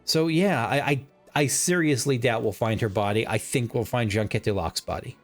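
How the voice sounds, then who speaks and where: A man's voice: medium pitch, normal speed, soft background music. A man streaming a game, chatting casually and thinking aloud as he plays.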